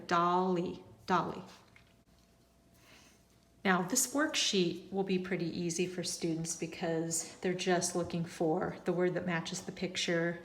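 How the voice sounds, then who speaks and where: Patient woman teacher, slightly low voice. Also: a little hiss or hum. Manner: patient, slow, modeling each step aloud. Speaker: first grade teacher. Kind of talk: instructional tutorial for parents.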